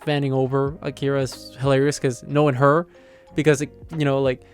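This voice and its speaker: Faint music plays behind this man as he recaps a manga chapter fairly quickly in a mid-range voice with little pitch movement. He wanders through it amused, laughing and filling space with lots of "like" and "you know."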